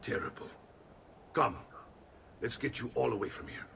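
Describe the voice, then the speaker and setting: An actor voicing a jolly, boisterous middle-aged uncle in a game cutscene. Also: male voice, mid-range voice, expressive, normal speed, gravelly, fairly bright tone, distant mic, a little hiss or hum. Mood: cheery. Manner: cheery, hearty.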